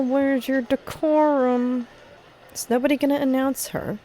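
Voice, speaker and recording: A woman's voice: high-pitched, fairly even intonation, unhurried, dark tone. A woman hosting a reaction video, exclaiming and talking back at the screen in casual commentary.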